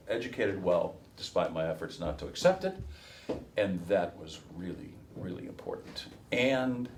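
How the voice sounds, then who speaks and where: A middle-aged man from Chicago with a softened Midwest accent and a flat nasal tone, talking loosely to a workshop audience with many fillers and restarts. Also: low voice, slight background noise. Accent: softened Midwest American. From Chicago, USA. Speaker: race caller giving a workshop. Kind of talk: casual talk to a workshop audience.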